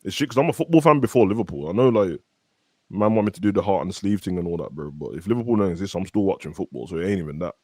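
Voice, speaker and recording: A man vents in a casual podcast chat, weary and frustrated, and he speaks in slang. His voice is low and sits close to the mic. There is little room sound around him. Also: lively intonation, racing, darkish tone, husky, no echo. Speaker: football fan panelist.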